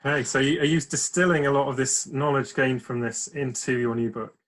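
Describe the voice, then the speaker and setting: A man's voice: medium pitch, fairly even intonation, brisk, a bit bright, low-quality recording. A man hosting an interview, asking friendly, joking and somewhat rambling questions. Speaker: host, charity board member. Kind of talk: interview host.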